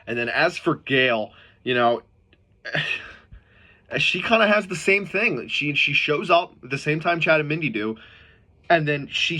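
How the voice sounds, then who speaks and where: A man's voice: on the high side, sharp tone. A man giving a casual, frustrated movie review, swearing often and stumbling over restarts. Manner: frustrated, profane, repeats himself, lots of restarts. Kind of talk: casual video review rant.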